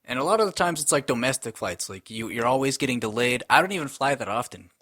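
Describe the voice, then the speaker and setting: Man in his twenties, casual podcast co-host, profane rant, middle pitch, dry sound. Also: lively intonation, fast talker, fairly bright tone, no echo. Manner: profane, ranting, acts out quoted voices.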